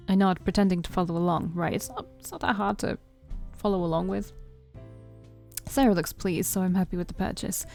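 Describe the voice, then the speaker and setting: A woman's voice: lowish voice, a little fast, vocal fry, darkish tone, faint music behind. A woman reading a story game aloud in first person, playful, with her own asides. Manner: playful, with side comments. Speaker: let's play streamer.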